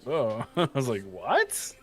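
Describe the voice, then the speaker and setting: A man's voice: lowish voice, normal speed, faint music behind. A man co-hosting a gaming morning show, trading easygoing jokes in casual banter. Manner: joking, easygoing. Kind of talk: casual live-stream banter.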